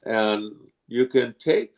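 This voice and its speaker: A man's voice: medium pitch, slow pace. An older man from England, a guest voice actor telling stories in a casual interview and slipping into character voices. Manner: animated storyteller who slips into voices.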